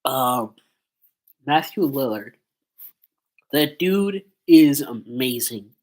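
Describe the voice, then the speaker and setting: A man's voice: medium pitch, lively intonation, drawn-out words, darkish tone, poor audio. A man with a stuffy nose from a cold, chatting in a rambling casual commentary vlog with lots of fillers. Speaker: YouTuber.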